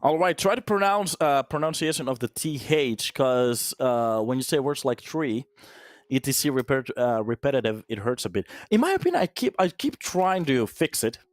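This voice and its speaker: A man's voice: medium pitch, big pitch swings, dry recording. A man with a Finnish accent and Finnish as his first language, casting a match play by play and chatting with viewers between rounds. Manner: chatty, answers the chat between plays; quickens and lifts on big plays. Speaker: esports caster. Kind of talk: play-by-play commentary.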